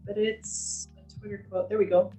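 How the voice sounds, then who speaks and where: A woman's voice: medium pitch, level tone, normal speed, warm tone, echoey room, soft background music, rough recording. A woman leading a casual online training session, chatty and full of fillers and restarts.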